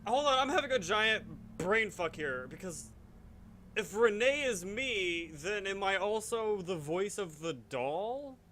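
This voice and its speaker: A man's voice: high-pitched, lively intonation, a little slow, bright, forceful tone, a little hiss or hum. A man hosting a let's play, rambling and joking at himself as he reacts to the game. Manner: rambling, self-mocking, reacting aloud.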